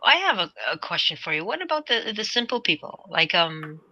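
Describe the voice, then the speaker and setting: A woman's voice: on the low side, very animated, a little fast, pushed and bright. A woman in casual chat, asking a question hesitantly.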